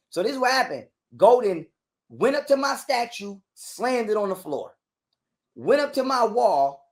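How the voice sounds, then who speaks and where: A man telling a long story in a casual interview, animated and full of cursing and repetition. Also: high-pitched. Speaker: guest telling his story.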